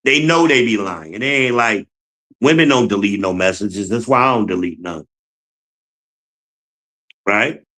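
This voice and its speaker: A man's voice: fairly low pitch, expressive, a little slow, pauses often, pushed and bright, poor audio. A man hosting his own podcast, talking casually and bluntly on his own, venting with profanity and repeating his points. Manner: rambling, repeats himself. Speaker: podcast host. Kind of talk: casual solo monologue.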